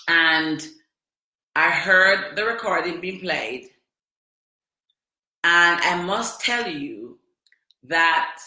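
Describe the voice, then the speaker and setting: A woman's voice: lowish voice, pushed and bright, roomy sound. A woman hosting a podcast, telling a personal story in an emotional, emphatic way, with lots of repetition. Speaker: podcast host.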